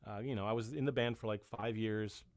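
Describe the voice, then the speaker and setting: A man's voice: fairly low pitch, fairly even intonation, brisk, a little mellow, no room sound. A man in his fifties chatting as a musician guest, rambling and self-deprecating, with many restarts. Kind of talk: casual chat.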